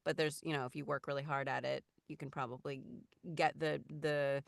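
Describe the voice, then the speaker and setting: Chatty woman with a smooth voice. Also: deep voice, level tone, brisk, dry recording, studio quality. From Los Angeles. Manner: chatty, many fillers and restarts. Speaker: voice actor guest. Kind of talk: casual interview chat.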